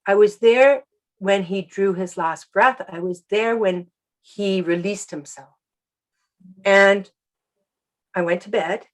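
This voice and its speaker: A woman who works as an animal communicator, sharing a personal story softly and reflectively in an interview. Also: mid-range voice, low-quality recording.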